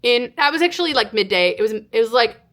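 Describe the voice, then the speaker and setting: A woman in her twenties from California, telling a personal story to camera in a casual, animated way with lots of "like". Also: fairly high pitch, fast talker. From California, United States. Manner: animated, exaggerated retelling with frequent "like". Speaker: vlogger. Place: indoors, sit-down filming.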